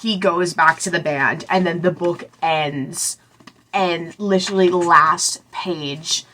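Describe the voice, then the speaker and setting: A woman's voice: lowish voice, steady tone, slow pace, pushed and bright, a little hiss or hum. A young woman casually recapping a novel she read, rambling with lots of fillers and sarcastic asides. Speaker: book reviewer.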